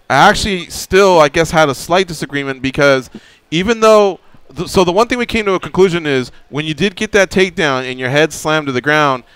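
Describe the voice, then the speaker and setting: Smooth-voiced radio host, measured. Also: male voice, a little high, a bit bright, no room sound. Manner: measured, explanatory, careful framing. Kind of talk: radio interview.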